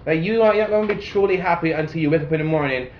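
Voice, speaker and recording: A man's voice: on the high side, very fast, a little hiss or hum. A man from Jamaica, a guest entrepreneur, telling a story in casual chat, with lots of swearing, emphasis and repeated phrases. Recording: roomy, muffled recording.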